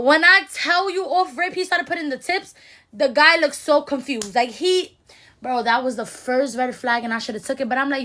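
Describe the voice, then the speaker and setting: A woman's voice: high voice, moderate pace. A woman in her twenties telling a casual, slangy storytime to her viewers, acting out the people she quotes. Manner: animated, slangy, quotes people in raised voices. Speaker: beauty vlogger.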